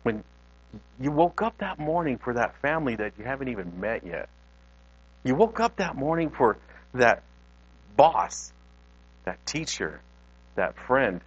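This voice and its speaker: A man's voice: mid-range voice, big pitch swings, a little slow, long pauses. A male pastor giving a conversational sermon in a church, talking directly to his congregation, in a dull lo-fi recording.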